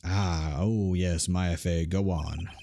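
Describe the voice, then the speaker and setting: A man's voice: low-pitched, steady tone, slow pace, dark tone, a little hiss or hum. A man voicing a pompous, evasive older lawyer in a game, with a put-on Southern country drawl. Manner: pompous, drawling, stammering repetition.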